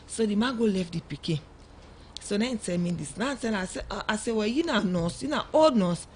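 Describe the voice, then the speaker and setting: A woman's voice: mid-range voice, brisk, slight background noise. A woman with a Sierra Leonean Krio accent, a mother telling her story as a guest on a radio program and acting out what others said. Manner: animated storytelling, acts out quoted dialogue. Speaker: mother of a young girl, guest. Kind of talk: emotional first-person account on radio. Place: radio studio.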